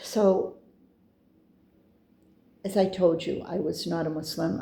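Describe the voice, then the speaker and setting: A middle-aged woman tells a personal story in a loose, chatty way, drifting into asides and quoting the people she met. Her voice is mellow with a gravelly edge. The room gives it a noticeable echo. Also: medium pitch. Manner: chatty, meandering, with asides and quoted dialogue. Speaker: storyteller recounting her own experiences.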